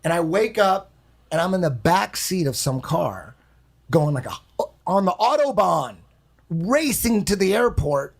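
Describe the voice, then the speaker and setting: Gravelly guy with a bit of a husky voice, swearing a lot and acting out voices while he tells a story on a podcast. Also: sits high, unhurried. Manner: animated, swearing, acts out voices and sounds. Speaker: guest storyteller.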